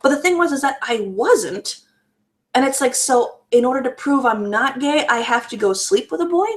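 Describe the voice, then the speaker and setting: A woman's voice: high voice, animated, moderate pace. A woman giving candid personal testimony in a vlog, earnest and raw, often restarting and repeating her words. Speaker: vlogger sharing a personal story.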